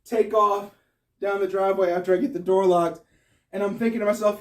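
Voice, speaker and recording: A man telling a comic story on stage, animated and breaking into high yelps and laughter. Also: a little fast, distant mic. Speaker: stand-up comedian. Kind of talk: storytelling stand-up.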